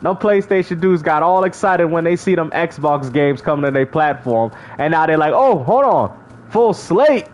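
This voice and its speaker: A man's voice: on the high side, steady tone, normal speed, few pauses. A man streaming live, casually bantering and mocking rival gamers, laughing often as he talks. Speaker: gaming streamer.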